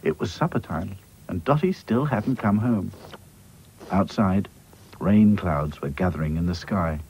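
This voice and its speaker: A man narrating a children's cartoon in a gentle, unhurried storytelling manner. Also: low-pitched, highs cut off, a little hiss or hum.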